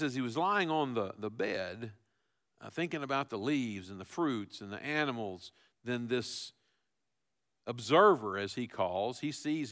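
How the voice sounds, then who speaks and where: A man's voice: mid-range voice, fairly bright tone. A male pastor delivering a sermon, talking to his congregation with emphatic rises and casual asides.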